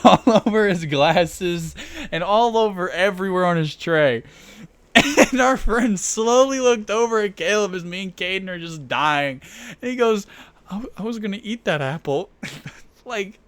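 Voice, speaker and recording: A man's voice: sits high, fairly bright tone, clean tone. A young man rambling through funny school stories while ranking his teachers. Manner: rambling, laughs often. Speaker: vlogger. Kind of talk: casual storytelling.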